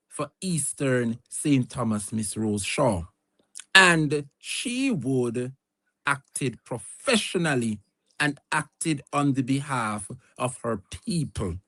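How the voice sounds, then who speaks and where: A Jamaican man delivering political commentary with a slow, deliberate pace. His pitch rises and falls animatedly as he preaches to his listeners like a congregation. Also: a bit bright. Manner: preachy, dramatic, addresses listeners as "my dear people". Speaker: show host.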